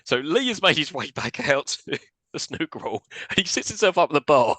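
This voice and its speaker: A man on a podcast, talking through a film's plot with lively swings in pitch. His voice is bright and forward, and he acts out the scenes. The sound is dry and close, with no room in it. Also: a little fast, no echo. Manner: animated storyteller, acts out scenes in voices, laughs often. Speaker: podcast co-host. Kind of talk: casual film recap chat.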